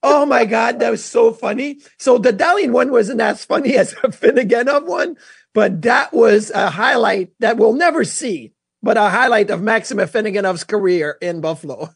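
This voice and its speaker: A man, a former goalie co-hosting a casual sports talk show, telling animated stories with many restarts. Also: high voice, moderate pace, gravelly, husky, no echo, clean studio sound. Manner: animated storyteller, lots of restarts.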